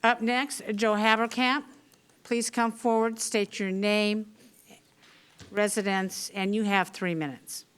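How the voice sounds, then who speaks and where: A woman chairing a public meeting, thanking a speaker and calling the next one in a brisk, formal way. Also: mid-range voice, steady tone, fairly bright tone, a little hiss or hum.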